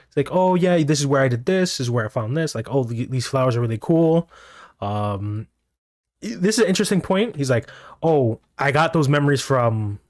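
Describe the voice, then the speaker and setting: Excitable man rambling through a manga recap. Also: mid-range voice, no echo, studio quality. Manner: rambling, excitable, reads out dialogue in his own voice. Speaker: manga commentator.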